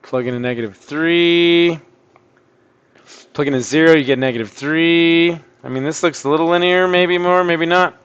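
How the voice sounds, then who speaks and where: A man's voice: a little high, normal speed, fairly bright tone, clear, resonant tone, muffled recording. Chatty male math teacher thinking aloud. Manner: thinking aloud, chatty, with sudden surprised outbursts. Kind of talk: recorded online math lesson.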